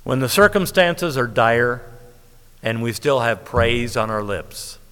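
A man preaching a sermon, emphatic and lively, stretching key words and laughing at his own points. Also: medium pitch, slow, smooth. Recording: long hall reverb.

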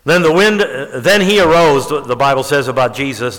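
A man preaching a sermon, telling stories and rising to emphatic high peaks. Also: normal speed, few pauses, fairly bright tone. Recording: long hall reverb.

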